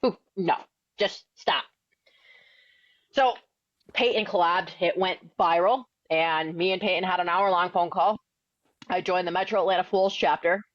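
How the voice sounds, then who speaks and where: A woman's voice: lowish voice, steady tone, a little slow, long pauses, no room sound, muffled recording. A young woman in her twenties from New England, a firefighter and author telling her story as a podcast guest in a blunt, outspoken, slangy way. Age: 20s. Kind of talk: casual interview storytelling.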